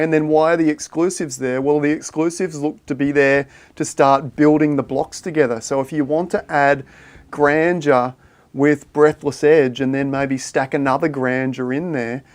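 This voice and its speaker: A man hosting a casual livestream. He thinks out loud and chats with viewers in a friendly, matey way. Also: fairly high pitch. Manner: thinks aloud while reading viewer chat, matey and chatty. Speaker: livestream host.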